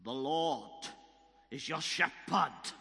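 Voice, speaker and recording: A man putting on a Welsh male preacher's accent, loudly proclaiming a prophecy slowly and repeatedly. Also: medium pitch, expressive, big-room sound, exaggerated voice. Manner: loud slow repeated proclamation.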